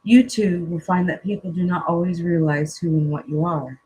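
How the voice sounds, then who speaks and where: A spiritual coach reading an inspirational text aloud in a slow, earnest way, teary-eyed and stopping now and then for casual joking asides. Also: medium pitch, steady tone, a little mellow, a little hiss or hum, low-quality recording.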